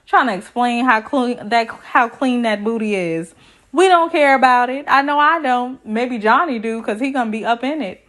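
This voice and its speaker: A woman's voice: on the high side, moderate pace, fairly bright tone. A woman recapping a reality show in a sassy, chatty way, full of slang asides. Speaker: TV recap vlogger.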